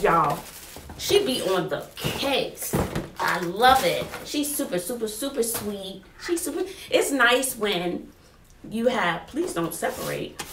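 Woman teacher, lively, fairly high voice, roomy classroom sound, mic a bit far. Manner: animated, exclaiming, chatty with viewers. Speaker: teacher and vlogger. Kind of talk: casual unboxing chat to viewers. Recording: roomy, distant camera mic, faint noise.

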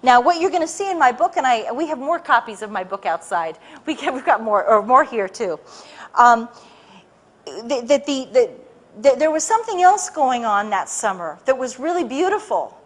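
A woman with a high, bright-sounding voice addresses a live audience. She tells her story with animation, stumbling and restarting as she goes, and acts out the voices of others. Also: sing-song, normal speed. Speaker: public speaker.

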